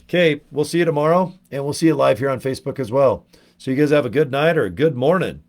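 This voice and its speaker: A man's voice: mid-range voice, quick pace. A middle-aged man hosting a casual home livestream, rambling chattily and greeting viewers by name, his voice a bit worn. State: losing his voice. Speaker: livestream host.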